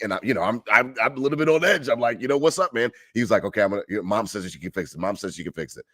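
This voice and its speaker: A man's voice: fairly low pitch, expressive, very fast, hardly any pauses, fairly bright tone, no room sound, studio quality. A man co-hosting a sports podcast, telling a long story with heat and swearing, acting out both sides of an argument. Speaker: podcast co-host. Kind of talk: casual sports chat.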